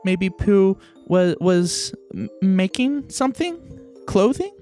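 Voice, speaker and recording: A tiny, anxious piglet voice put on by a man, pitched well above a grown man's, stumbling and restarting as it goes. He sounds lively and worried. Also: slow, soft background music, full character voice. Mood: unsure. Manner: hesitant, stammering. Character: small timid young male piglet, anxious.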